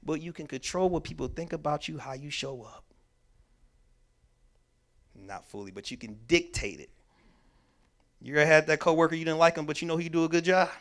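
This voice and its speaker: A man giving a mental health workshop talk at a church, telling stories with emphasis and acting out the lines of the people in them. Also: fairly high pitch. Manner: animated storyteller who acts out quoted dialogue; emphatic, repeats key words. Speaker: workshop speaker.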